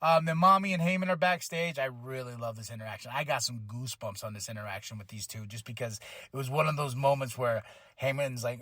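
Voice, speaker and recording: A man hosting a podcast, casually recapping a wrestling show, excitable, laughing often, swearing and acting out what people said. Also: mid-range voice, fairly quick, dry recording, clean studio sound. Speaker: podcast host.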